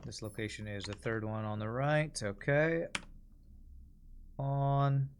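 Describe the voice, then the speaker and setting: A man's voice: mid-range voice, takes it slowly, a little hiss or hum. A man streaming a puzzle game, thinking aloud and mumbling as he weighs his choices in casual commentary. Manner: musing aloud, mumbling while deciding.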